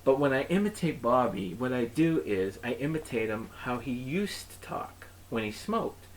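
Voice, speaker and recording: A man's voice: mid-range voice, moderate pace, slight background noise. Man telling an exasperated comic story. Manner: animated, exasperated retelling with acted-out quotes. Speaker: host of his own chat show. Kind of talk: comedic storytelling monologue.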